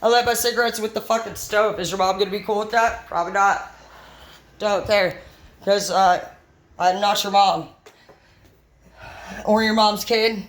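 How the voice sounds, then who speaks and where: A woman's voice: mid-range voice, fairly even intonation, moderate pace, long pauses, rough recording. Blunt, foul-mouthed woman venting. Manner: blunt, heavy swearing, rambling; brash and unfiltered. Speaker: vlogger. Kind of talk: casual monologue to camera.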